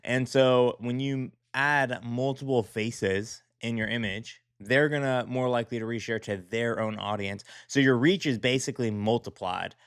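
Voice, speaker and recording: Give me a relaxed man with a smooth, slightly low voice, commenting on design work in a dry, close recording. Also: normal speed, few pauses, no echo. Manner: rambling, many fillers and restarts. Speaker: design show host.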